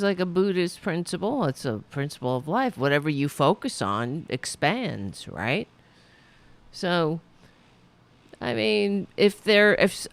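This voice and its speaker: A woman's voice: fairly low pitch, creaky, no room sound. A woman hosting her own livestream show, talking casually to her viewers in a rambling, profane way with sudden emphatic rises. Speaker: show host.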